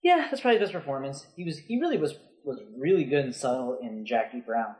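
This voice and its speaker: A man's voice: medium pitch, very animated, fast, a little mellow, low-quality recording. A man chatting on a podcast as a co-host, rambling with lots of fillers and restarts. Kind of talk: casual podcast discussion.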